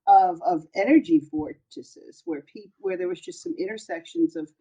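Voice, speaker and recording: A woman's voice: lowish voice, normal speed, mellow, slightly rough. A woman hosting a casual chat, talking loosely and trailing off with fillers. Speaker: host. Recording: dull lo-fi audio.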